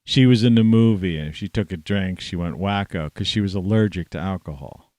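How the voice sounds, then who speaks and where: A man ranting to camera in a rambling, profane monologue, scornful and swearing constantly, with sudden loud outbursts. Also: low-pitched, fairly quick, dry recording. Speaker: vlogger.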